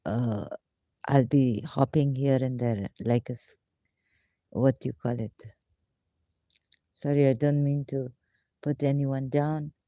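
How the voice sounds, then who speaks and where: A woman hosting a casual live question-and-answer session, talking in halting, rambling, broken English with frequent fillers, and sometimes talking to herself. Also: rumbling low, fairly even intonation, dark tone, no echo, highs cut off. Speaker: live Q&A host.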